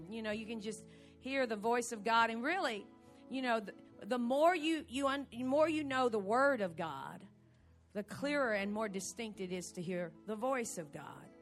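A woman's voice: on the high side, moderate pace, soft background music. A woman preaching in a church service, trading jokes with a co-preacher and calling out praises. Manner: exclamatory, praising, jokey. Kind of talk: lively preaching with banter.

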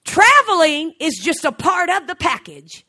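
A middle-aged woman preaching a fervent sermon, swinging from soft, slow passages to shouted exclamations and frequent laughter. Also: very high voice, sing-song. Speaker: traveling preacher.

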